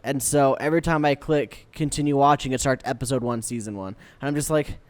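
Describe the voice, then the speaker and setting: A man's voice: mid-range voice, a little fast, dry recording. A man co-hosting an anime podcast in casual chat, rambling and correcting himself, laughing as he goes. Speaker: podcast co-host.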